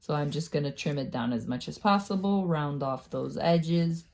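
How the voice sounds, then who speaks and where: A woman talking through a casual nail-care tutorial, chatty and quick to laugh at herself. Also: low-pitched, darkish tone. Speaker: beauty vlogger.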